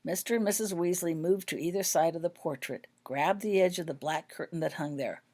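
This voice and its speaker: A woman narrating her own fan fiction story in an even, expressive read-aloud manner. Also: lowish voice, a little fast.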